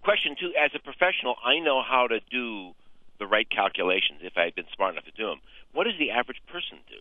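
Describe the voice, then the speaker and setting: A man's voice: mid-range voice, very animated, fast talker, no room sound. A man from the US West Coast calling in to a radio show, explaining his problem hesitantly with many fillers. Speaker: caller. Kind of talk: call-in radio chat. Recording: tinny phone line.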